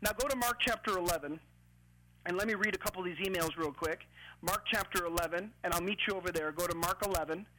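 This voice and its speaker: A man preaching a radio sermon, fervent and emphatic, rising to loud peaks as he drives each point home. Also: high-pitched, quick pace, a little hiss or hum, rough recording. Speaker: pastor.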